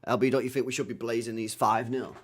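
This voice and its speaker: A young man hosting a live football watchalong, reading chat and reacting in an animated, teasing way. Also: mid-range voice, fast.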